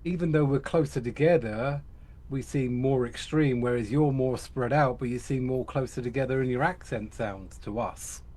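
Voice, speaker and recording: A British man co-hosting a reaction video in casual conversation. He talks hesitantly, often repeating a word before going on. His voice sits at an ordinary middle pitch. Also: normal speed, darkish tone. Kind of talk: casual chat.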